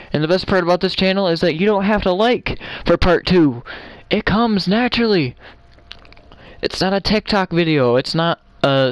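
A man's voice: mid-range voice, clean tone, no echo. A man hosting his own gaming channel, giving casual commentary as he builds, rambling and talking to himself with frequent chuckles. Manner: chuckles often.

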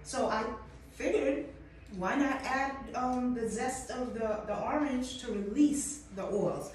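A woman chef walks through a dish in a chatty, encouraging way, talking straight to the viewer. She is recorded from a distance in a very echoey kitchen, with clear background noise. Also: on the high side, slow pace, a little mellow. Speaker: chef and host. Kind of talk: cooking demonstration. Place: kitchen at a coffee company. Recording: echoey room, mic far off, background noise.

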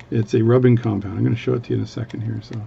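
A man's voice: mid-range voice, steady tone, fast, gravelly, dull audio, slight background noise. A man from Canada, a watchmaker, chatting casually at his workbench in a rambling, self-interrupting way. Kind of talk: casual chat.

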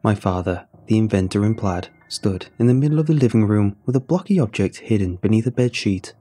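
A man narrating a horror story in a measured, somber way. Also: fairly low pitch, warm tone, husky. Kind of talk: scripted narration. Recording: faint music under the narration.

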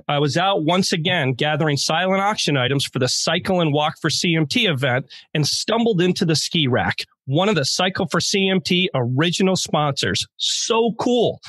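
High-voiced playful man, dry close sound. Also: a bit bright, no room sound. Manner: playful, jokey storyteller. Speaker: podcast co-host. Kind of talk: casual podcast banter.

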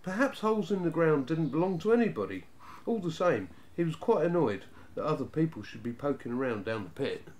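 A man narrating a children's storybook in a steady, even reading voice. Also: a little high, a little fast.

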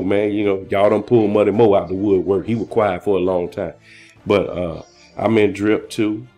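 A man talking casually and excitedly in a rambling vlog, full of slang and shout-outs, a little out of breath. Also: fairly low pitch. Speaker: crypto vlogger.

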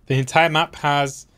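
A man's voice: on the high side, a bit bright, clean tone. A man giving casual gameplay commentary, chatty and self-mocking, talking straight to his viewers. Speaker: let's play host.

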